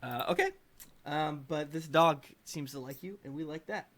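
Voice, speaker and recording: A man's voice: fairly high pitch, normal speed, a bit bright. A man running a tabletop game as dungeon master, narrating playfully with lots of fillers. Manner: playful, rambling, with many fillers.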